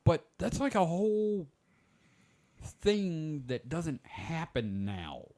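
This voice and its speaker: A podcast host in his forties tells rambling stories in casual chat, his voice on the high side and dark in tone. He speaks slowly but is very animated, packing his talk with "like" fillers.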